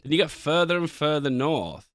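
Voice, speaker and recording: A man's voice: a little high, lively intonation, moderate pace, a bit bright, smooth, no echo, clean studio sound. A man who reacts to a travel video and thinks aloud, asking himself questions as he goes. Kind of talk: casual commentary over a video.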